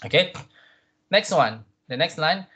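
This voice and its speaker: A man teaching a Quran reading class, patient, often repeating himself and checking in with "right?", drawing out Arabic words slowly to model them. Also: on the high side, lively intonation, a bit bright. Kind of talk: tajweed revision class.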